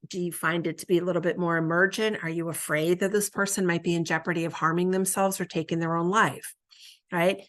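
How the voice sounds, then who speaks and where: The speaker is a woman whose voice is fairly low and a bit bright, giving a recorded training lecture for counselors. She chats conversationally, frequently ending points with "right?", and voices sample counselor and client lines.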